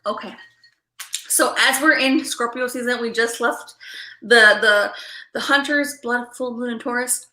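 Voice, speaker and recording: A woman hosting a live collective tarot reading, excitable and rambling, who keeps checking in with her listeners. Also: fairly high pitch, measured pace, echoey room, low-quality recording. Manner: excitable and rambling, with frequent "okay?" and "right?" check-ins. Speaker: tarot reader and livestream host.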